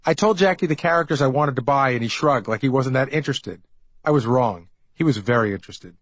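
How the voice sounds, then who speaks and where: A man's voice: mid-range voice, animated, brisk, dry recording, poor audio. A middle-aged man tells his own story in an easy, wry, conversational way, as if recounting it to a friend. His voice sits in a mid range. The studio sound is dry and close. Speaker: author narrating his memoir. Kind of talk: audiobook memoir narration.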